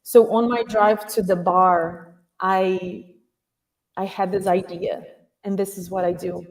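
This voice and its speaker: A woman guest telling a personal story in a casual chat, animated and quick to laugh. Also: lowish voice, distant mic.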